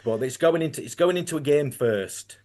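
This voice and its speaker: A man's voice: fairly high pitch, lively intonation, brisk, darkish tone. A man with a Yorkshire accent talking as a guest in a casual conversation, earnest and rambling, often restarting his sentences.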